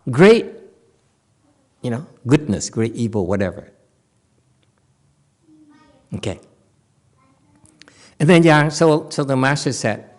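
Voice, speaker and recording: A man with a Korean accent giving a dharma talk as a Zen master, playful, telling stories and laughing often. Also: fairly high pitch.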